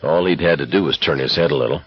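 A man narrates an audiobook in a measured, somber manner. His voice is very low and husky, and the dry recording sounds dull and lo-fi. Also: no echo, faint music behind. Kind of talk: scripted narration.

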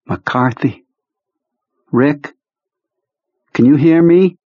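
A man voicing a shaken but steady-voiced man speaking in a hushed tone in an audiobook. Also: mid-range voice, slow pace, breathy edge, no echo, highs cut off, pitched above the performer's own voice, full character voice. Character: shaken middle-aged man keeping calm, hushed. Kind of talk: audiobook character voice.

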